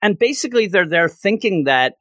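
A man with a slightly raised voice chats casually on a podcast, retelling a comic chapter. His pitch swings widely as he acts out the characters' lines. The recording is dry and close, with no room sound. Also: brisk, dry recording. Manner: animated storyteller acting out characters' lines. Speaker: podcast co-host. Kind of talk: casual chat recapping a manga chapter.

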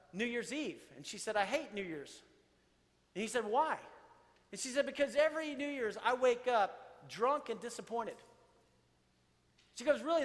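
A man preaching a sermon, reading scripture and explaining it in an animated, conversational way. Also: extremely high pitch, big-room sound. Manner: animated preaching, quoting scripture and paraphrasing with rising intensity. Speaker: pastor.

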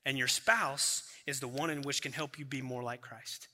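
A man preaching a sermon as pastor, emphatic and building to loud repeated phrases. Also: mid-range voice, fairly even intonation, normal speed, big-room sound.

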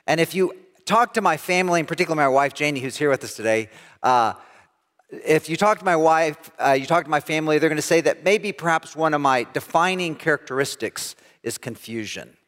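A middle-aged man pastor preaching a sermon, telling a self-deprecating story with lively, animated delivery. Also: fairly high pitch, a little fast, big-room sound. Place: church sanctuary.

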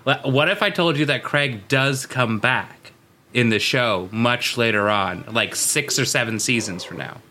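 A man's voice: mid-range voice, measured pace, pushed and bright, slight background noise. A man co-hosting a podcast, recapping a TV episode in casual, joking chat from his notes. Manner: joking, chatty, reads from notes. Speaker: podcast co-host.

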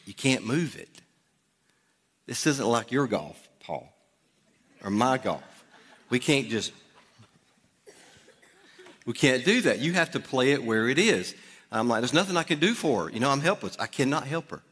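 A middle-aged man preaching to his congregation, easygoing and conversational as he tells a personal story. His voice sits at an ordinary pitch and rings with a long reverb off the sanctuary walls. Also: very animated, unhurried, pauses often, fairly bright tone, slightly rough. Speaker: pastor. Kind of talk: storytelling sermon. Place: church sanctuary.

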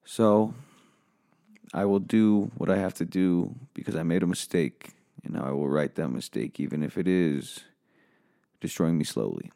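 Gravelly, bitter, foul-mouthed man ranting. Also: sits low, moderate pace, mellow, no echo, clean studio sound. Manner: bitter, weary, foul-mouthed, flaring into angry outbursts. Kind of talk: profane comedic rant monologue.

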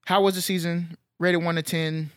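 A man's voice: fairly high pitch, normal speed, dry recording. Laid-back man on a podcast. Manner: relaxed, rambling, uses slang and fillers. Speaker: podcast co-host. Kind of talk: casual chat.

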